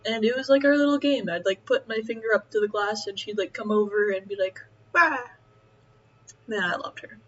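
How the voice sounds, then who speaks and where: A young woman chatting casually as she eats, rambling and halting with many fillers. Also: medium pitch, steady tone, lo-fi sound. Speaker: vlogger. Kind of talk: casual chat while eating.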